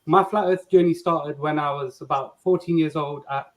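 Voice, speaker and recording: A man's voice: on the high side, steady tone, normal speed, low-quality recording. Earnest man from Nottingham. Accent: Nottingham English. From England. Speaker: guest. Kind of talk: earnest explanation.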